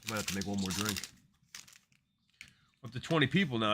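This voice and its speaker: A man's voice: lowish voice, animated, brisk, fairly bright tone, a little hiss or hum. A man hosting a live card break stream, chatting casually and rattling off player names as he opens packs.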